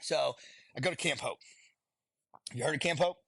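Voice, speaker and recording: Middle-aged man, gravelly and husky, blunt and profane storyteller, podcast guest. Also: on the high side, normal speed, bright, forceful tone, dry recording. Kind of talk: candid storytelling.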